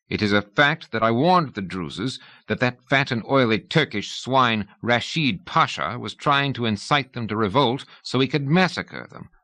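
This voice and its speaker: A man's voice: medium pitch, bright, forceful tone, no room sound, pitched above the performer's own voice. A man reading as a proud, defiant explorer. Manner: indignant, declamatory. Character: defiant proud male explorer defending his record.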